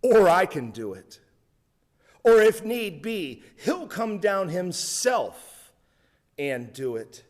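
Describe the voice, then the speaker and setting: A man's voice: sits high, very animated, slow, voice pushed up, heavily acted. A man voicing a sleepy little sister who bluntly passes on her father's message. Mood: exasperated. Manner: exasperated, blunt.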